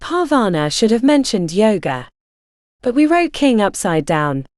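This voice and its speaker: A woman narrating a literary story in the first person, in a measured storytelling manner. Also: mid-range voice, big pitch swings, darkish tone, dry recording, clean studio sound.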